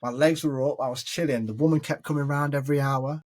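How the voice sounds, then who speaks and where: A man's voice: fairly high pitch, steady tone, quick pace, hardly any pauses, darkish tone. An Englishman hosting a podcast, chattily telling stories and calling his listener mate. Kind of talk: casual storytelling chat.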